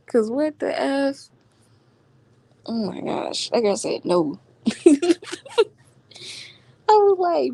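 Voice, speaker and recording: A woman's voice: high voice, sing-song, extremely slow, vocal fry, pauses often, warm tone, dry recording. A woman vlogging at home, telling a story in slangy casual chat and laughing often as she talks. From Florida.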